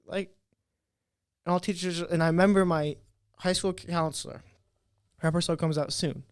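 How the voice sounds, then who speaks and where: A young man in his twenties talks as a podcast guest, animated and quick to act out what others said. His voice sits a little high for a man. The sound is dry and close, with no room echo. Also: clean tone. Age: 20s. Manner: animated storyteller, acts out quotes. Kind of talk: casual interview talk.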